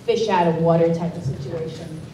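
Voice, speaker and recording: A woman with a New York accent, a voice actress talking on a convention panel in an animated way. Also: on the low side, brisk, noisy background. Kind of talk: panel discussion. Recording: echoey convention hall from far off, loud crowd.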